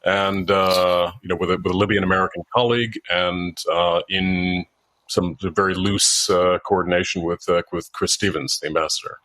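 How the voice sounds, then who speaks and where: A man with a deep, low voice answers interview questions slowly, pausing often and restarting his sentences. The sound is dry and close, with no room echo. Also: fairly even intonation, a bit bright. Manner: halting, many fillers and restarts. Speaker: guest, author and former diplomat. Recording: dry sound, breaking up at times.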